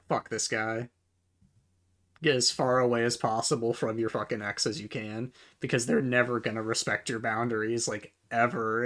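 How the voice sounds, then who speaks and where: Here the reaction-video host's mid-range voice has a sharp tone. He talks to himself as he reads posts out loud, getting tangled on repeated words, and his exasperated, casual rant is full of swearing.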